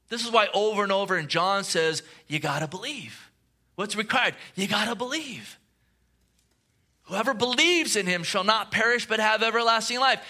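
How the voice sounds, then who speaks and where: A man's voice: high-pitched, sharp tone. A man preaching a sermon, asking the listeners earnest questions and reading scripture aloud. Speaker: pastor.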